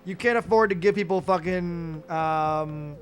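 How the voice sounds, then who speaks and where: Streaming from home, this young man unleashes a heated, profanity-laced rant into his desk microphone, tossing in sarcastic jabs as he plays. He speaks at a measured pace in a voice on the high side, over faint music.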